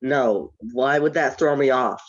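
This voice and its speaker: A slow-talking teenage boy with a stuffy nose, chatting and joking on a podcast. The recording sounds dull and lo-fi, like a cheap home mic. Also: medium pitch. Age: teens. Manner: joking, giggly, mock-whispered bits. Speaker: podcast co-host. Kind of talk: casual chat.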